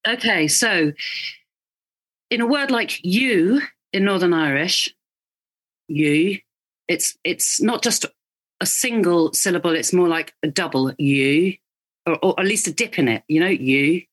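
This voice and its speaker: A woman's voice: fairly low pitch, unhurried, long pauses, breathy edge. A woman working as an accent coach who explains sounds patiently and praises her student often. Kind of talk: patient instruction.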